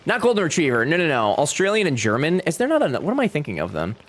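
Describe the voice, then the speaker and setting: A man's voice: fairly high pitch, wildly swooping pitch, fast talker, fairly bright tone. A young man chatting casually with his live-stream chat while playing a game, joking and talking back to viewers.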